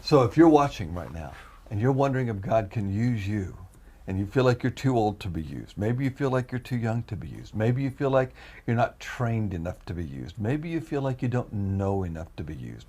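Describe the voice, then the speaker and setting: Man, husky voice, earnest emotional testimony, guest storyteller. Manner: earnest storytelling, swings into loud high pleading.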